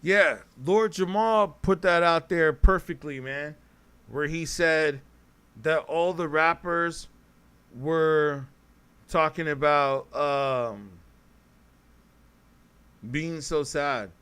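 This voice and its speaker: A man's voice: a little high, very slow, pauses often, fairly bright tone, smooth. A man hosting a casual livestream podcast, talking straight to his chat in a rambling, self-correcting way. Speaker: podcast host reading live chat.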